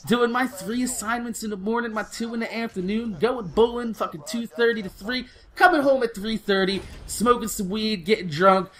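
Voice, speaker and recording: Profane, rambling high-voiced young man. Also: fairly bright tone. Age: late 20s. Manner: rambling, heavily profane, laid-back street slang. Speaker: gaming channel host. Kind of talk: storytelling over gameplay.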